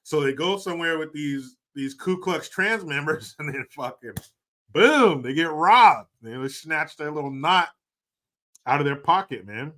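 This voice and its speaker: A man's voice: a little high, lively intonation, a little slow, a bit bright. A man hosting a livestream, joking crudely, laughing often and reading out viewer donations in casual commentary. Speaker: livestream host.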